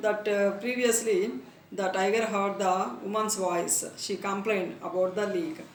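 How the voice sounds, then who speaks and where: A woman teacher with an Indian English accent, reading a story aloud and stopping to explain words, repeating phrases slowly. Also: mid-range voice. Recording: echoey room, distant mic, faint noise.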